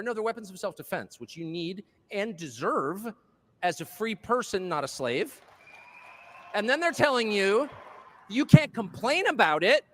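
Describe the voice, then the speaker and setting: A man's voice: high voice, very animated, moderate pace, fairly bright tone. Impassioned man speaking in a big hall. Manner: impassioned, sardonic, mocking asides. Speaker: speaker addressing a live audience. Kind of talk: political speech. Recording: long hall reverb.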